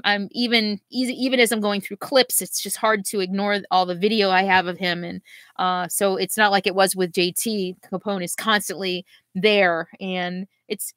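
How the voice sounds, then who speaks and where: Bright-voiced woman reading viewer comments. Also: mid-range voice, no room sound. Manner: emotional, halting, laughs through grief. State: near tears at times. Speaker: RV vlogger answering viewer comments. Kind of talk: casual live Q&A chat.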